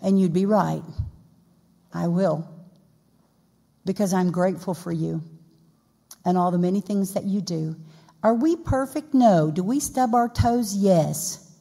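A woman's voice: medium pitch, a little slow, vocal fry, pauses often, mellow. A woman pastor preaching a sermon in a folksy, conversational way with playful asides. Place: church sanctuary. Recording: long reverb in a church hall.

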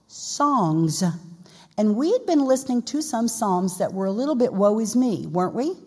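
A woman's voice: on the high side, very animated, moderate pace, darkish tone, husky. A woman pastor preaching a sermon in a folksy, conversational way with playful asides. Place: church sanctuary. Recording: long reverb in a church hall.

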